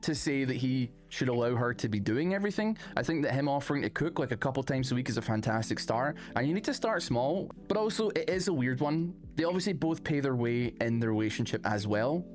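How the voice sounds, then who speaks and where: A man at an ordinary middle pitch reads online posts aloud and then comments on them off the cuff. His delivery is casual and animated, and he often lifts his voice at the start of a phrase. Faint music plays under his voice. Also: brisk, few pauses. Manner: chatty, animated, rising emphasis on phrase openings. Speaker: host reading online stories.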